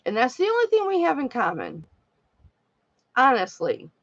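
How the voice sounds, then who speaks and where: A woman's voice: high voice, huge pitch swings, moderate pace, no room sound, muffled recording. A woman talking candidly and at length to her live-stream viewers in a heartfelt, rambling way. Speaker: live-stream jewelry seller.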